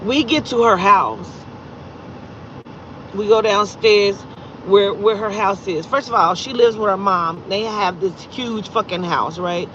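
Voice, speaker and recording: A woman casually telling a story from her own life, swearing constantly and breaking into loud, exasperated outbursts. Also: mid-range voice, a little slow, dull audio, a little hiss or hum. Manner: profane, animated retelling with loud exasperated outbursts.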